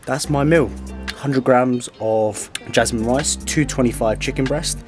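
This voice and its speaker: A man's voice: mid-range voice, unhurried. A young man from England, chatting bluntly and swearing while he cooks in a casual vlog. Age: young adult. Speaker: fitness vlogger. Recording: roomy sound with music behind.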